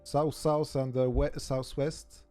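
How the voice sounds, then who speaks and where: A man with a southern French accent, a native French speaker, chatting casually as a streamer in halting English and searching for words. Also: medium pitch, flat delivery, warm tone, soft background music. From southern France. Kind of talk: casual chat.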